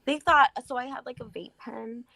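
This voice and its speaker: A young woman co-hosts a casual podcast, animated and quick to laugh, with easy slang. Her voice is bright and forward, and it sits a little high. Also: creaky, no echo. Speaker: guest co-host.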